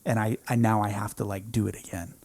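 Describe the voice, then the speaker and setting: A man in his thirties, a podcast guest in a home studio, telling a story in an intense, emphatic way, often saying "dude" and swinging between hushed and loud. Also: fairly low pitch, flat delivery, quick pace, dry recording. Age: 30s. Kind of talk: casual storytelling.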